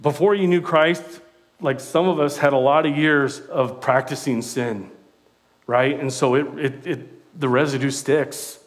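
Conversational, animated male preacher. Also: mid-range voice, unhurried. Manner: conversational, animated, with self-deprecating asides. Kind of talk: sermon.

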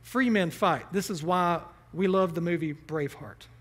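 Male pastor with a high voice delivering an emphatic sermon with rhetorical questions. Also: moderate pace.

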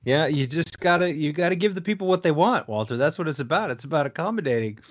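A man chatting casually about restaurant work with a dry, wry delivery. His voice sits slightly high for a man. The sound is muffled, like a remote call. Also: animated, quick pace. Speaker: restaurant server. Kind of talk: casual chat.

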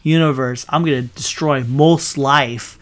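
A man voicing a ruthless male alien warlord as a flat, unhurried villain while retelling a movie scene. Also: mid-range voice, close to an everyday voice. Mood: calm menace.

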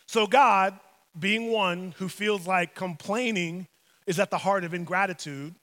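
A male pastor preaching a sermon in an animated, humorous storytelling manner in a church. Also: high-pitched, measured pace. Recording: long hall reverb.

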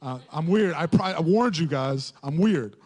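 Lively high-voiced man preaching a sermon. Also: moderate pace, breathy edge. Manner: animated, joking, acts out voices and laughs. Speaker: pastor.

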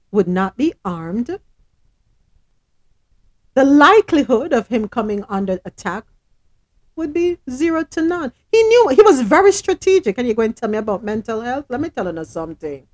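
A woman's voice: fairly high pitch, a little mellow. A woman host, speaking emphatically and repeating her points in a heated discussion. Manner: emphatic, repetitive, indignant.

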